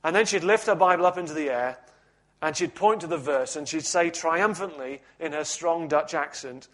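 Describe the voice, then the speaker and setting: A man preaching a sermon in a measured, reflective teaching manner with touches of gentle humor. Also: a little high.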